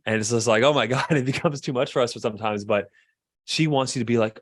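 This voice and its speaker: A man working as a marriage therapist, giving a lively coaching lesson in a chatty way and acting out quoted voices. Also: mid-range voice, fast talker, no room sound. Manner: lively, acts out quoted voices, chuckles often; conversational, frequent fillers like "like" and "right".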